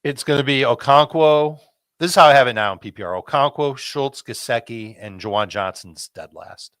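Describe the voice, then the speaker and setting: A man breaking down fantasy football picks in casual chat, measured and dryly teasing. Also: mid-range voice, fairly bright tone, smooth, dry recording.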